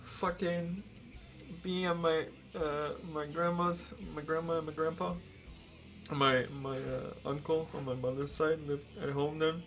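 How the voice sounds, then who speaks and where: A man in his twenties on a live stream, telling a rambling, profane story with great excitement. He is emotional and close to tears. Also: fairly high pitch, a little slow, soft background music.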